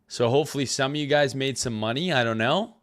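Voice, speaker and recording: A man's voice: medium pitch, fast talker, fairly bright tone. A man hosting a crypto trading livestream, chatting loosely with profanity and greeting viewers from the chat. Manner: loose, profane, reads chat names aloud. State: recovering from illness.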